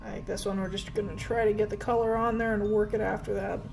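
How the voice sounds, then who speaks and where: Doing her makeup at home, this young woman from Canada gives a casual get-ready-with-me chat as a beauty vlogger, joking at her own expense and saying "like" constantly. She talks fast in a mid-range voice with vocal fry and little pitch movement. The rough recording carries slight background noise and faint, soft music.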